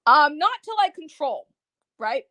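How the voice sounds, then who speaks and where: Excitable high-voiced young woman reviewer. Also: unhurried, dull audio. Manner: excitable, slangy, swears freely. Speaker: movie reviewer. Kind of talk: casual spoiler review to camera.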